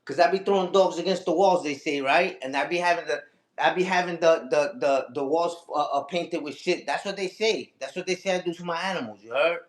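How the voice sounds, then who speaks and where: A man's voice: a little high, fairly quick, reverberant. A man hosting a casual livestream, talking back to his critics and repeating his own catchphrases. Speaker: livestream host.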